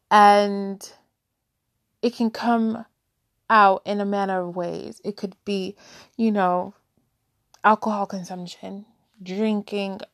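A woman sharing her feelings in a candid personal monologue, halting and searching for words, becoming emotional. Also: medium pitch, gravelly, no echo, clean studio sound. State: tearful, emotional.

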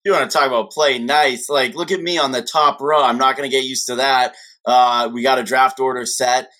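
A man's voice: mid-range voice, steady tone, brisk, bright, forceful tone. A man on a podcast panel, joking in a wry way. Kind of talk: casual podcast chat.

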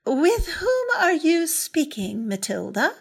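A woman's voice: high-pitched, big pitch swings, slow pace, creaky, pitched above the performer's own voice, heavily acted. A woman reading a storybook aloud, voicing a prim, proper grown-up neighbour who speaks in formal, precise sentences. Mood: stern.

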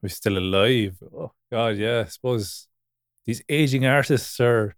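A man's voice: mid-range voice, dry recording, clean studio sound. Easygoing man musing. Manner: easygoing and reflective, quick to laugh. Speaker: podcast co-host. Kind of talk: casual chat.

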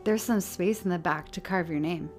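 A woman's voice: lowish voice, normal speed, a little mellow, soft background music, natural voice. A woman reading a story aloud, voicing a brash, bossy boy who is impatient with his little brother. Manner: brash, dismissive.

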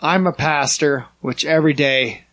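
A man's voice: on the high side, normal speed, bright, forceful tone. A man with a slight Dutch-influenced accent co-hosting a podcast, rambling and teasing in joking casual chat. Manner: rambling, self-mocking, teasing. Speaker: podcast co-host and pastor.

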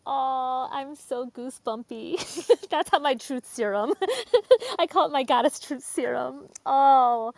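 A woman's voice: high voice, animated, measured pace, gravelly, no room sound. Effusive woman guest, many fillers. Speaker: podcast guest, psychologist. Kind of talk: heartfelt spiritual conversation. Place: home porch.

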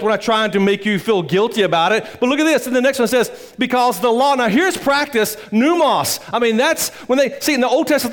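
A male pastor preaching a sermon in church, swinging between loud emphatic peaks and low quiet asides, with a rambling, folksy delivery. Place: church sanctuary.

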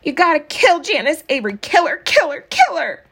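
A woman voicing a loud, whiny first-grade girl who talks in a sobbing, country-kid way in a storybook reading. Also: high voice, animated, moderate pace, pitched above the performer's own voice. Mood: wailing.

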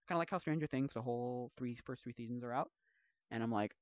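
A man in a casual commentary, mumbling through a passage he reads aloud, then ranting loudly and mocking people in put-on voices. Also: mid-range voice, steady tone, fast, smooth, no room sound, lo-fi sound.

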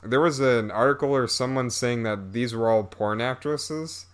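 A man's voice: mid-range voice, moderate pace. A man reviewing a movie in a casual, rambling, sarcastic way, stopping to laugh at it.

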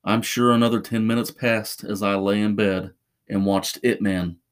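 A man narrating a first-person horror story in a measured, suspenseful way. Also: lowish voice, steady tone, smooth.

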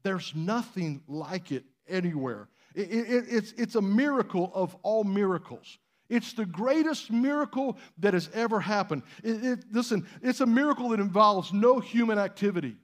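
A man's voice: high-pitched, animated, normal speed. A man preaching a sermon in church, conversational and emphatic, with rhetorical questions. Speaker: pastor.

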